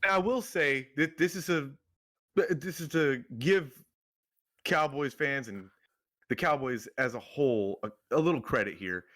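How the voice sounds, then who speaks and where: Dry-miked man giving measured sports advice. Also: mid-range voice, fairly bright tone, no echo. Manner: teasing, measured advice to listeners. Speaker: podcast co-host. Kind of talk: casual sports chat.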